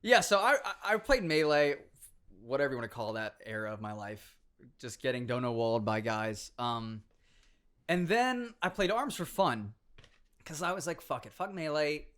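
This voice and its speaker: Animated young man telling gaming stories. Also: medium pitch, normal speed. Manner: animated storyteller, acts out other people's lines, swears freely. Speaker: podcast guest, former pro gamer. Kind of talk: casual podcast chat.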